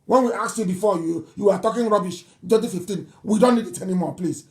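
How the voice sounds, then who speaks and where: Male radio host, high-pitched, insistent and pleading, live address. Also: fast. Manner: forceful, repetitive, pleading. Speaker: radio broadcaster taking calls.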